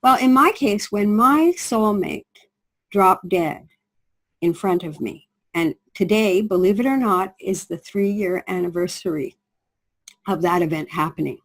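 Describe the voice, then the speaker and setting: A woman's voice: mid-range voice, measured pace, poor audio. A middle-aged woman presenting a skincare product through a told story, acting out the people she quotes. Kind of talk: storytelling sales pitch.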